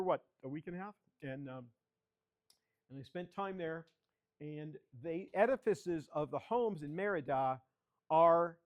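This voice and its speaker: An older man with a slightly higher than usual voice, talking his way through a slideshow of his own photographs for a club. He tells chatty stories about each shot and keeps asking for the next slide. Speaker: guest speaker, photographer. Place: children's library area.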